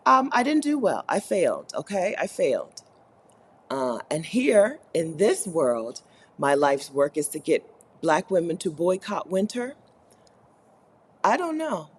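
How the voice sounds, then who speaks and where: A Caribbean woman hosting a live co-working stream speaks a little slowly in a low, slightly rough voice with big pitch swings. She reads the chat aloud and keeps the talk playful, full of laughter and teasing mock complaints.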